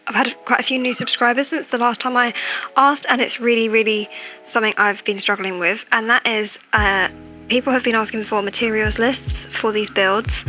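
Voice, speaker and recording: A woman with a chatty manner, keeping her voice down as she records a casual voiceover on a cheap, tinny microphone at home late at night. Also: on the high side. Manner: talking quietly, chatty. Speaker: gaming video creator.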